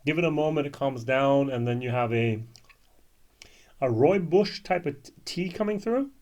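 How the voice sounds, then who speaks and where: A man's voice: a little high, darkish tone. Man musing through a tasting. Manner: musing, frequent fillers and restarts. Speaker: whisky reviewer. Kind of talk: casual tasting review.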